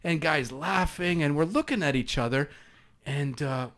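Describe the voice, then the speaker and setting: A man's voice: on the high side, normal speed, a bit bright, a little hiss or hum. A man from Canada, a former SWAT officer, telling an anecdote as a guest with many restarts and fillers. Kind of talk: storytelling anecdote in conversation.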